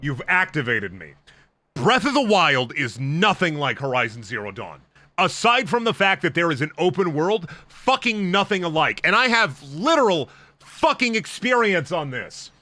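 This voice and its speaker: A young man on a stream, ranting and cursing with emphasis. His voice is bright and edgy, jumping all over in pitch, with faint music behind him. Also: very animated, moderate pace, no room sound. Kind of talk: ranting casual stream talk.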